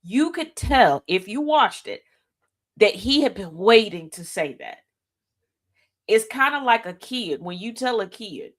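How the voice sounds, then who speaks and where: Speaking in an animated, unhurried way with a mid-range voice, a woman hosts a radio talk show and gives an opinionated monologue. She talks straight to her listeners, poses rhetorical questions, repeats key lines emphatically and tosses in folksy, slangy asides.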